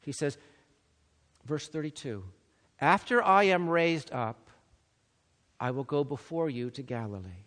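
Mężczyzna, kaznodzieja, pogłos dużej sali. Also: male voice, fairly high pitch, unhurried, long pauses. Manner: emphatic, swings from loud urgency to hushed softness. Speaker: pastor. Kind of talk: sermon. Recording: long reverb of a large hall.

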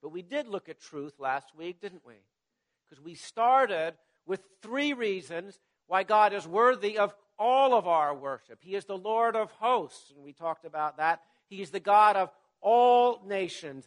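A man preaching a sermon to his congregation and reading scripture aloud, measured and emphatic, his voice dropping away at the end of phrases. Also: high-pitched, animated. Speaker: pastor.

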